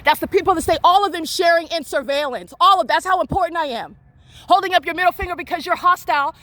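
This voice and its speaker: Woman talking fast into her phone outside, high pitched, accusing and repeating herself over and over. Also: a bit bright. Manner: accusatory, repetitive, rapid and insistent. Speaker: vlogger filming people around her. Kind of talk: confrontational narration while filming. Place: outdoors in a town square and parking lot.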